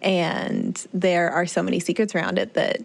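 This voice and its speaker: A woman working as a travel agent, telling a story in animated, chatty podcast conversation. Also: on the low side, moderate pace, creaky. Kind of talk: casual podcast chat.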